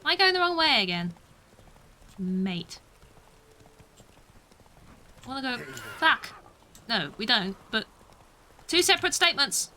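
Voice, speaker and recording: A woman's voice: a little high, big pitch swings, measured pace, pauses often, sharp tone, slight background noise. A young British woman streaming a game, chatting casually, mocking herself and laughing often. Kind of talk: casual gameplay commentary.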